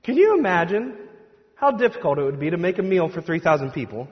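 A man's voice: high voice, sing-song, quick pace. Male pastor preaching in a reverberant hall. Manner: conversational, joking, acts out crowd voices. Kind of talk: sermon. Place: church sanctuary. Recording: dull sound with long hall reverb.

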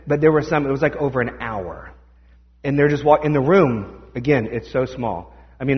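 A man pastor giving a conversational sermon, telling stories and acting out what people said. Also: mid-range voice. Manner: conversational storytelling, animated quoting. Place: church sanctuary. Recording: dull sound with long hall reverb.

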